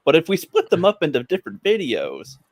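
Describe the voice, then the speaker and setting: A man's voice: fairly high pitch, huge pitch swings, a little fast, no room sound. Critical male panelist. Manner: explaining, critical. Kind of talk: casual panel discussion.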